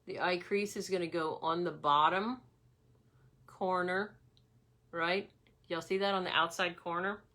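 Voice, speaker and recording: Woman, casual makeup demo host, bright chatty voice, calls viewers y'all. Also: lowish voice. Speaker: makeup demonstrator.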